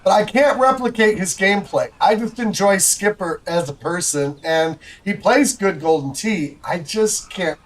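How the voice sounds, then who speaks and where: Chatty high-voiced male game streamer. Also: a little slow, few pauses, rough recording. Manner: rambling, chatty, talks to viewers while playing. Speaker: livestream host. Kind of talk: casual gameplay commentary.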